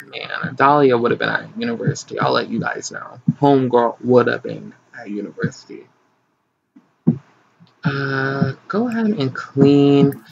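A man casually commenting as he plays a life-sim game, chatty, excitable and gossipy, recorded on slightly dull lo-fi audio. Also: medium pitch, unhurried, gravelly, slight background noise. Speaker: gaming channel host. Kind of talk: casual let's play commentary.

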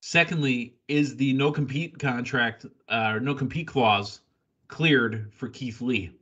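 A bright, forceful man hosts a casual wrestling podcast, running through recaps with playful quips. His pitch sits in the middle range. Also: slow, breathy edge, dull audio. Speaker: podcast host.

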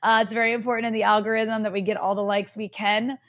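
A woman's voice: mid-range voice, flat delivery, quick pace, fairly bright tone. Woman cohost on a politics show, snarky, says like a lot, pushes hard on her points. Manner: sardonic and emphatic, many "like" fillers. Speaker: co-host. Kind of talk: casual political commentary.

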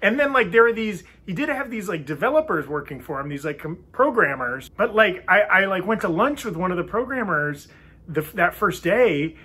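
A man in his thirties co-hosting a casual chat, chatty and quick to laugh while telling stories. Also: sits high, lively intonation, sharp tone, husky. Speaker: co-host.

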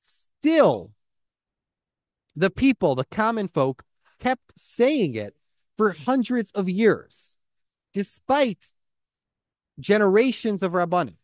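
A man teaching a Talmud lesson in an animated, emphatic way, often asking rhetorical questions. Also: high-pitched, slow, long pauses, no room sound, clean studio sound. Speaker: Torah teacher. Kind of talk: Talmud lecture.

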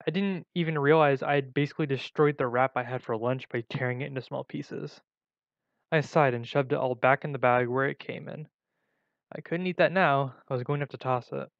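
A man reading a first-person story aloud in a plain, steady way, with small slips and restarts. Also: mid-range voice, a little fast, creaky, no echo. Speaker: story reader. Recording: dull lo-fi recording.

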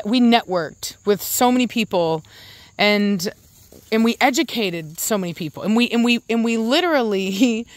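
A young adult woman chats loosely on her vlog, restarting her sentences and cooing at her dogs along the way. Her voice sits mid-range in pitch. The sound is dry, with no room echo. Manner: rambling with many restarts, coos at her dogs. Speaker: dog breeder and channel host. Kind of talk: casual vlog talk.

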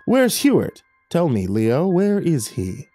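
A man voicing a cat-eyed young male creature with a flat, robotic, insistent way of talking, pitched well above his own voice. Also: slow pace, faint music behind, full character voice. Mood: demanding. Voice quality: monotone, robotic.

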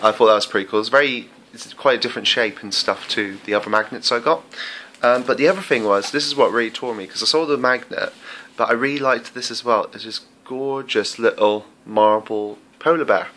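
A man chatting casually in a travel vlog, excitable and full of fillers, filming himself indoors and then outdoors on a handheld camera. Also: mid-range voice, fairly quick, slight background noise. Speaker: travel vlogger. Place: hotel room, then outdoors at a castle.

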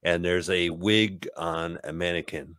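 A man's voice: sits low, steady tone, a little slow, a bit bright, no room sound, clean studio sound. A man hosting a podcast, giving jokey, casual commentary over a movie. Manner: jokey, riffs on the film, playful bits of voices. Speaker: podcast host.

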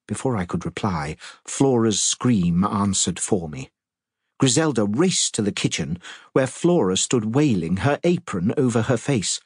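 A man with a husky voice narrating an audiobook in an expressive storytelling manner. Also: lowish voice, a little slow, no room sound, studio quality.

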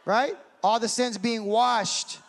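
A man preaching a sermon in an animated way, acting out scenes and swinging from shouting to a hush. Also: very high-pitched, takes it slowly. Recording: hall reverb.

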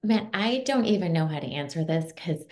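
A woman's voice: on the low side, lively intonation, moderate pace, a little mellow. A woman hosting a podcast who talks in an emotional, rambling way, close to tears. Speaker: podcast host. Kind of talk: podcast interview. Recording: echoey room.

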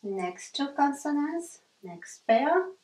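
Woman teacher, very slow and deliberate, spelling out letter sounds, recorded from a distance in an echoey room. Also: high-pitched, very animated, a little mellow. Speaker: language teacher. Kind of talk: slow classroom pronunciation lesson.

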